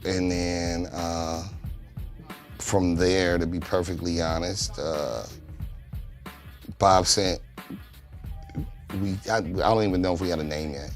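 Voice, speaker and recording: A very deep-voiced man speaks in a relaxed, casual interview, recounting stories with loose, profane street talk. He livens up whenever he quotes friends. Soft music plays faintly underneath. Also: slow, long pauses. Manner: laid-back, profane, lively when quoting friends. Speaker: studio co-founder recalling its origins.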